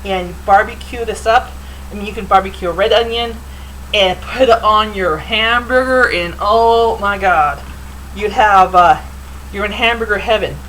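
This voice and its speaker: A woman's voice: mid-range voice, moderate pace, a bit bright, a little hiss or hum, poor audio. A middle-aged woman hosting a home cooking show, chatting loosely with fillers as she demonstrates in her kitchen.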